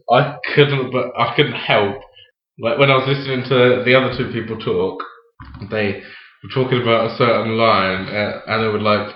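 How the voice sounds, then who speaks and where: A young man chatting on a podcast, animatedly acting out his stories with laughing asides. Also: medium pitch. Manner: animated storyteller, acts out scenes with laughing asides. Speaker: podcast co-host. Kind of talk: casual chat. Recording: roomy, dull lo-fi home recording.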